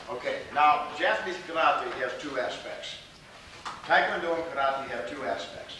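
A man teaching martial arts as a rambling lecture, repeating himself and filling pauses with fillers. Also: mid-range voice. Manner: digressive, repeats words, many fillers. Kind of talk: rambling lecture with audience questions. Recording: distant, very echoey, noisy hall.

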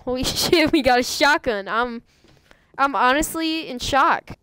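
A woman doing live gameplay commentary, goofy and excitable, often squealing and laughing at her own jokes. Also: high voice, unhurried, clear, resonant tone, dry recording. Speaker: game streamer.

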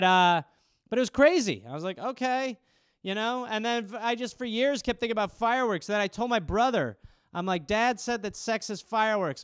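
A man's voice: high-pitched, a bit bright, clean tone, dry recording, studio quality. A man hosting a comedy podcast, riffing in a rambling, profane way. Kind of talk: casual comedic monologue.

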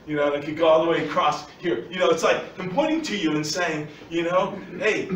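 Male pastor, higher voice, lively emphatic sermon; distant mic, faint room hiss. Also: a little fast, hardly any pauses. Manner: animated, emphatic preaching with laughs. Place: church sanctuary. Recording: echoey church from far off.

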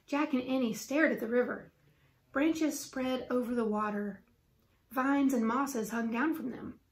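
A woman narrating a children's chapter book aloud in a clear, steady storytelling manner. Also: fairly high pitch, a little slow. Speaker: reader. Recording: roomy echo.

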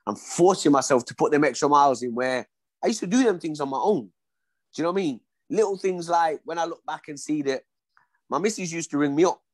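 A man's voice: fairly high pitch, dry recording. A man, a former boxer telling stories in a casual interview, acting out the dialogue as he goes. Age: 40s. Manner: animated storyteller, acts out dialogue.

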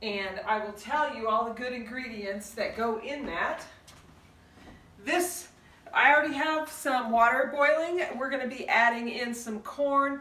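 A woman's voice: fairly high pitch, a bit bright. Woman, home cooking host, casual and folksy, walks through each step; roomy kitchen sound. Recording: echoey kitchen, mic a bit far off.

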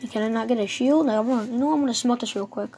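A woman's voice: fairly high pitch, racing, a little hiss or hum. Chatty woman gamer talking to herself. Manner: chatty, excitable, talks to herself. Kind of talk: casual gameplay commentary.

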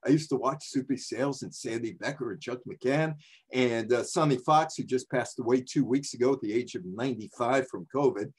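A husky, slightly mellow man in his seventies from the New York area speaks at a mid-range pitch and a little fast. He is a sports journalist giving a casual storytelling talk, recounting sports history in a chatty, digressive way.

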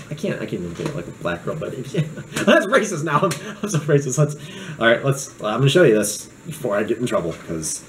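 A young man chats to camera in a loose, goofy vlog, and his pitch jumps up and down all the time. He jokes and wanders off on tangents, and there is a faint background hiss. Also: big pitch swings, brisk, low-quality recording. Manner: goofy, joking, drifts off on tangents. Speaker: knife reviewer. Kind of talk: casual rambling vlog.

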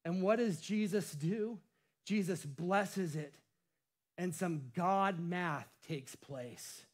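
High-pitched male pastor, playful and jokey from the pulpit. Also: slow. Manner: playful, jokes and laughs at himself. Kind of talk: sermon.

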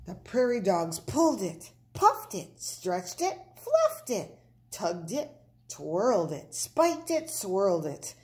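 A woman reading a children's picture book aloud, very expressive, with animated sound effects. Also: mid-range voice, slow pace. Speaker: storybook reader.

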